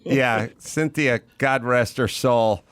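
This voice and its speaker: A middle-aged man hosting a casual chat, an animated storyteller who loudly imitates other people. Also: medium pitch, takes it slowly, clear, resonant tone, no room sound. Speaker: podcast host.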